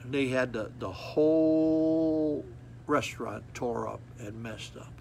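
Gravelly folksy male preacher. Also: mid-range voice, slow, a little hiss or hum. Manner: folksy, repetitive, animated storytelling with acted child cries. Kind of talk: sermon.

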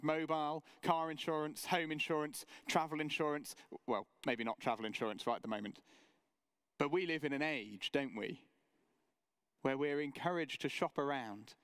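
A man preaching a sermon for an online church service, measured and earnest, with story-telling asides. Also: fairly high pitch, clean tone, no echo. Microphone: camera mic, online service.

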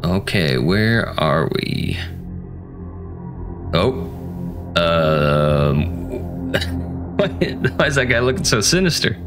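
A man with a fairly low voice commentates a horror game in a playful, joking way. He keeps chatting to the characters on screen. Faint music plays underneath. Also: sing-song, very slow, pauses often. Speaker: gaming channel host.

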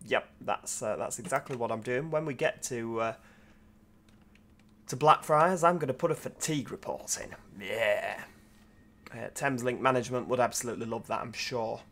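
A man's voice: medium pitch, fairly quick, fairly bright tone. Tired, chatty man. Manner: chatty, rambling, self-deprecating asides. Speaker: train sim video host. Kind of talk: casual gameplay commentary.

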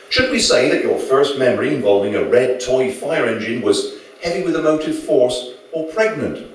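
A male author reading his novel aloud to an audience at a live venue, with dry, wry storytelling. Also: medium pitch. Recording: very echoey room, mic far off.

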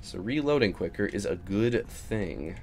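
Man, gaming commentary, lively pitch, unhurried, swears a lot, faint background noise. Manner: excitable, swears freely, jumps into silly squeals. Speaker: gaming YouTuber. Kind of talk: casual let's-play commentary.

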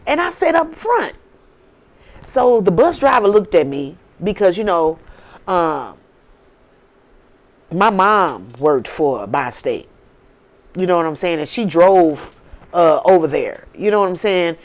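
A woman's voice: lowish voice, big pitch swings, takes it slowly, pauses often. A woman with a St. telling a story in casual talk, blunt and swearing freely. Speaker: vlogger.

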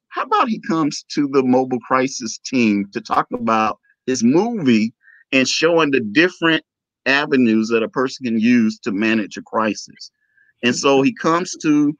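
A man's voice: medium pitch, no echo. A man telling an emotional personal story as an interview guest and acting out the dialogue. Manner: emotional, animated, acts out dialogue. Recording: dull lo-fi, dry.

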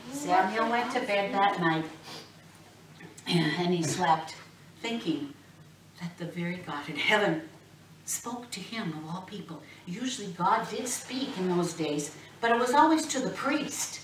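A woman's voice: fairly low pitch, lively intonation, measured pace, noisy background. A woman telling a Bible story to children, acting out the voices and asking the children questions. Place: classroom or church room. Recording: echoey room, recorded from a distance.

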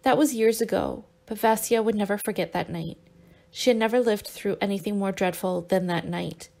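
A woman narrating an audiobook in a steady, measured reading voice. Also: mid-range voice, creaky.

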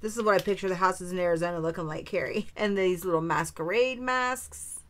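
A woman's voice: on the low side, brisk, a bit bright. A woman vlogger chatting casually as she opens a craft supply swap, gushing with delighted exclamations over each item. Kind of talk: casual unboxing chat.

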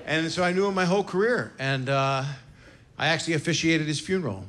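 A man in his sixties, a stand-up comedian, works a comedy club stage in a brash, profane set, teasing the live crowd between stories on a stage mic. His voice is a little high and fairly bright, and he talks fairly quickly; the live recording is noisy.

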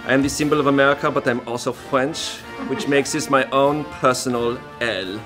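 A man's voice: mid-range voice, brisk, natural voice. A man playing the Statue of Liberty with a fake French accent that keeps slipping, in a comedy sketch. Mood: grandiose. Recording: music playing behind.

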